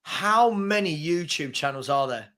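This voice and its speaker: A chatty English man hosting a casual podcast, his voice fairly high and bright. He keeps things loose and laughs easily between points. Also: animated, unhurried. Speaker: podcast host. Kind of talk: casual chat.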